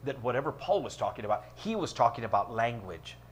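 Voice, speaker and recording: A man pastor leads a book study in a church room, mixing casual asides and jokes with passages he reads out. His voice sits at an ordinary middle pitch. A faint hum runs under the recording. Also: very animated, fast talker. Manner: conversational, joking asides, reads passages aloud.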